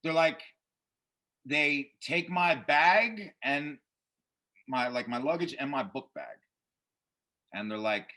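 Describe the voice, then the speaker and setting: Male comic guest: bright, slightly high voice, loose profane storytelling. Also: takes it slowly, long pauses. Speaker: podcast guest, comedian. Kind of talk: casual storytelling.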